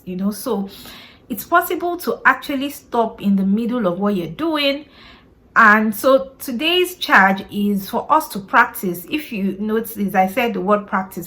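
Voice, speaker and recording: A woman's voice: fairly high pitch, expressive, moderate pace, a bit bright. Earnest woman coaching fellow parents. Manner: earnest and coaching, with frequent "you know" and "right?"; asks herself rhetorical questions. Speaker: parenting podcast host. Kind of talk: casual advice talk to camera.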